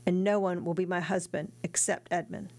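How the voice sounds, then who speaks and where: A woman voicing a determined young woman in love, in an earnest, steady read. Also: lowish voice, moderate pace, natural voice.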